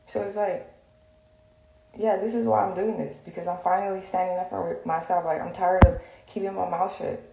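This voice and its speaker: In an echoey room, a woman vlogger goes off on a profane, blunt rant directly to her phone, rambling and packed with fillers. Her lowish voice is gravelly and dark, level in tone, at a normal speed.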